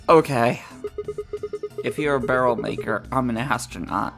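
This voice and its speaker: Excitable woman doing game commentary. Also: very deep voice, measured pace, creaky, faint music behind. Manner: excitable, profane, mimics characters. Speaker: let's play host. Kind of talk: casual gameplay commentary.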